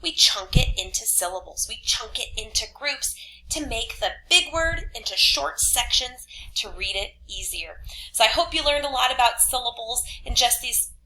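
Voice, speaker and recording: A woman teacher records a lesson for third graders from home. Her voice is bright and a little high, upbeat and slow enough for kids to follow. A faint hiss sits under the recording. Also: animated, low-quality recording. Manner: upbeat, speaks slowly and clearly to children. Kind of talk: online class lesson video.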